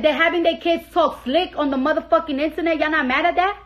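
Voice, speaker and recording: High-voiced woman ranting angrily. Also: fairly even intonation, quick pace, fairly bright tone. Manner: heated, repeats herself for emphasis, swears constantly. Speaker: celebrity on a social media live stream. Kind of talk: angry profane rant. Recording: dull lo-fi phone live stream.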